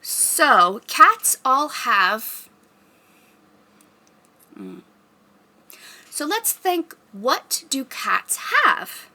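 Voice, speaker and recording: A young woman practices leading story time for small children, reading a picture book in a bright, sing-song voice. Her pitch sits a little high and bounces widely. She takes her time and breaks into animal noises. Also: very animated, drawn-out words, pauses often.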